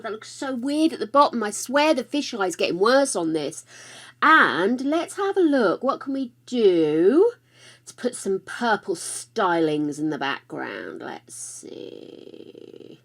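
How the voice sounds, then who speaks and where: A woman's voice: on the high side, very animated, unhurried. Chatty older woman streamer. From United Kingdom. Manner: chatty and affectionate, calls viewers darlings. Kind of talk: casual live-stream chat.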